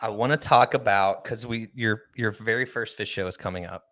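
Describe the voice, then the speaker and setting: A man's voice: fairly low pitch, fairly quick, a bit bright. A man hosting a podcast with an irritated throat, chatting casually and asking questions in bursts. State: irritated throat, clears it and coughs. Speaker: podcast host and interviewer. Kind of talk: casual conversation.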